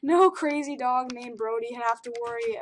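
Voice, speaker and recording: A woman's voice: fairly high pitch, normal speed, slight background noise, natural voice. A woman playing a cheerful young gamer character with a faint put-on British lilt and up talk, in an old Minecraft let's play recorded in a living room. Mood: cheery.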